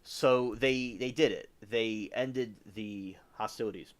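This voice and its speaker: A man's voice: lowish voice, slow pace. A man hosting a livestream, giving casual news commentary in a rambling way and often correcting himself. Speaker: livestream host.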